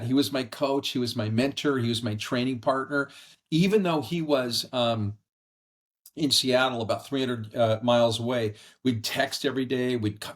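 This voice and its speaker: A middle-aged man tells a personal story as a podcast guest, earnest and animated. His voice sits at an ordinary middle pitch. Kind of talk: conversational storytelling. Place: brother-in-law's house.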